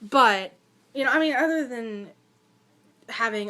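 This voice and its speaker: A woman's voice: on the high side, moderate pace, pushed and bright, a little hiss or hum. A young woman vlogger giving a chatty, ranting movie review, full of fillers and asides. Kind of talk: casual movie review rant.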